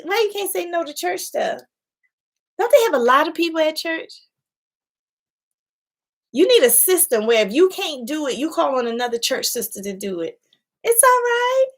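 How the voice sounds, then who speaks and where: On a casual live stream, a high-voiced woman who works as a success coach talks in a chatty, animated way, laughing a lot and calling her audience y'all.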